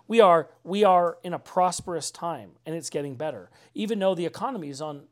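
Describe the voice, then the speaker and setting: A man's voice: on the high side, fairly quick. A man preaching an informal sermon in a conversational way, often adding "like" and "right?", earnest with dry mocking asides.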